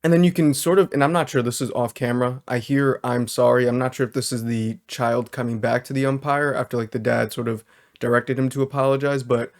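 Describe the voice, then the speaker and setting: Speaking in a steady, ordinary mid-pitched voice, a man who works as a social worker explains his reaction to a video. He is measured and hedges each point with care.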